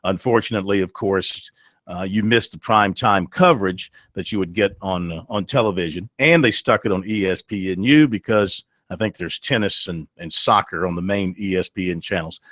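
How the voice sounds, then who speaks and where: A man's voice: on the low side, animated, a bit bright, no room sound. Dry-voiced male sports radio host. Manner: conversational, recaps plays with frequent uh pauses.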